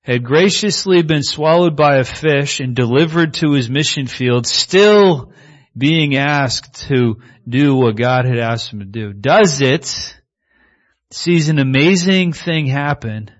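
A man preaching a sermon in a conversational style, moving between reading scripture and lively asides. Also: medium pitch, slow pace. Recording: slightly muffled recording.

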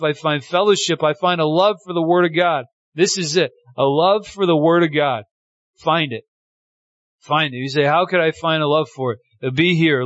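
A man's voice: on the high side, no room sound, lo-fi sound. A man preaching a sermon in a church, emphatic and repeating phrases for emphasis.

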